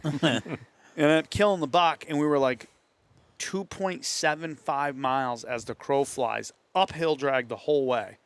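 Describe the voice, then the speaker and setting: Animated man telling a hunting story. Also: mid-range voice, normal speed, smooth. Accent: New England. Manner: animated storyteller, acts out others' voices. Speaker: host. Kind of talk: casual storytelling among friends. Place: hunting camp.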